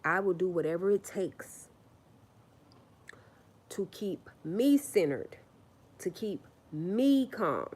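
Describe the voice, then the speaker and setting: A lower-pitched woman talking straight to her viewers on a casual livestream. She is blunt and emphatic and swears freely. She drives each point home by repeating her phrases. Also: big pitch swings, slow, long pauses, a little mellow, husky. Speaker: livestream host.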